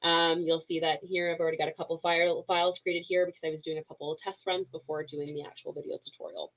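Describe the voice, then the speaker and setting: A woman walking viewers through a software tutorial, upbeat and instructive, often checking in with "okay?". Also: deep voice, little pitch movement, fast talker, few pauses, highs cut off. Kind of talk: screen-share tutorial narration.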